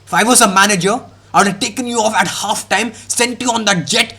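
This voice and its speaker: A man's voice: sits high, quick pace, vocal fry, pushed and bright, a little hiss or hum. A young man ranting in a heated, mocking, slangy way as he reacts to football.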